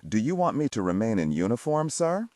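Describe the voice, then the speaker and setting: A man's voice: medium pitch, big pitch swings, fairly quick, darkish tone, no room sound, clean studio sound, pitched above the performer's own voice, lightly acted. A man voicing a curt, sarcastic police sergeant in an audiobook. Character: sardonic male police sergeant, world-weary.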